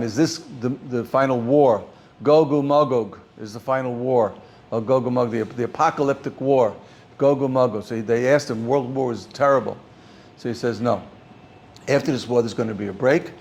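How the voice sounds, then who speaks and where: An older man, teaching an informal class as a rabbi, halting and repeating words as he speaks. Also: mid-range voice. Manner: halting, repeats words often, animated when stressing points. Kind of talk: informal Torah class talk.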